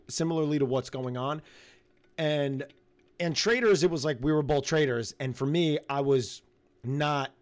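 Excitable man reacting on a podcast. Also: a little high. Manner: excitable, animated, talks over partner. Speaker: podcast co-host. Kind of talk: casual reaction chat.

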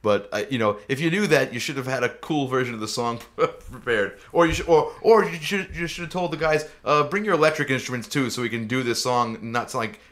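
A man's voice: medium pitch, fairly quick, hardly any pauses, fairly bright tone. A man co-hosting a podcast in a loose, chatty way. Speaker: podcast co-host. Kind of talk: casual chat.

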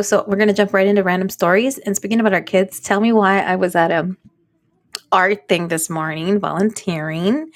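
A woman in her forties co-hosting a podcast, telling a story in casual chat and mixing Spanish into her English. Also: medium pitch. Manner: fast, animated, mixes Spanish into English. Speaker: podcast co-host.

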